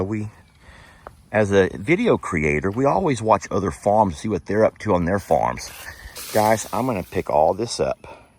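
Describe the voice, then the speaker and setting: Rambling man, lively low voice. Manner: rambling, reflective, addresses viewers directly. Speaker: farm sanctuary video creator. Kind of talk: casual vlog monologue to viewers. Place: outdoors on a farm.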